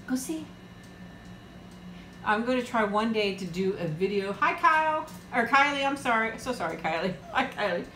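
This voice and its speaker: A woman chats through a casual eating livestream at home, wandering from thought to thought and laughing easily. Her voice sits at an ordinary middle pitch. The room around her is noticeably echoey, with a faint hum of ambience underneath. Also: animated, normal speed, fairly bright tone. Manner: chatty and rambling, laughs often. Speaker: livestream host. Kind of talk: casual live-chat eating stream.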